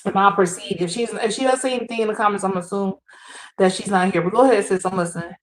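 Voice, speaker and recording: A woman's voice: medium pitch, fairly even intonation, racing. A woman hosting a livestream in casual chat, easygoing and speaking directly to her viewers. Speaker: livestream host. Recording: roomy echo.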